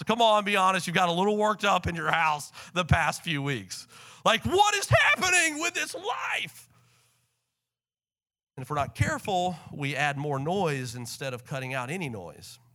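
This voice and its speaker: Animated bright-voiced male preacher. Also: a little high. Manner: animated, swings from soft to loud and fast. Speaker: pastor. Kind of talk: sermon. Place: church sanctuary.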